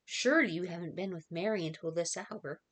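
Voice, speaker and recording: A woman's voice: on the low side, a little fast, close to an everyday voice. A woman reading aloud as a prying villager who asks probing questions in a raised voice.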